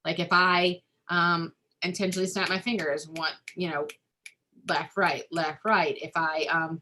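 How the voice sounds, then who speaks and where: A woman's voice: fairly low pitch, fairly bright tone. A woman family therapist explaining ideas in a webinar-style talk, loose and conversational, with lots of "like" and "um.". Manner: talks through ideas with frequent "like" and "um" fillers.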